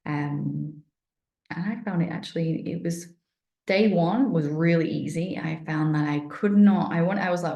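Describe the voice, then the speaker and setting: A middle-aged woman chats through a personal account in a low, relaxed voice. She rambles and restarts, and her mouth sounds dry. The room is echoey around her. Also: unhurried, gravelly. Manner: chatty, rambling, many fillers and restarts. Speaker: wellness vlogger.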